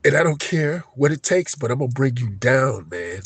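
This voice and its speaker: A man ranting on a live stream, agitated and profane, swinging between shouting and low, emotional muttering. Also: big pitch swings, normal speed, slightly rough, no room sound. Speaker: livestream host.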